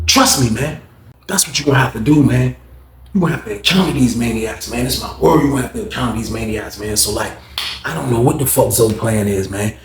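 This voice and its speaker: A man telling stories from prison life in a casual, animated way, jumping up in pitch to act out other people's lines. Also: fast talker, reverberant, slight background noise. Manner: animated, acts out others' lines in a higher, louder voice. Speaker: storyteller recounting prison life. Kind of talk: casual storytelling to camera.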